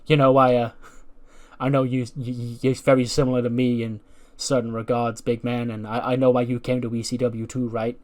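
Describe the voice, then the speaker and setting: A man's voice: mid-range voice, little pitch movement, moderate pace, darkish tone, lightly acted. A man voicing a cocky, sleazy male wrestler giving dating advice backstage. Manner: slick, cocky, overfamiliar.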